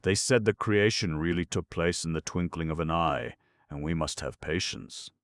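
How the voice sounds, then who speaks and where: A man voicing a melancholy male clockwork man who speaks in a halting, plaintive way. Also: low-pitched, no room sound, studio quality. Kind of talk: audiobook reading.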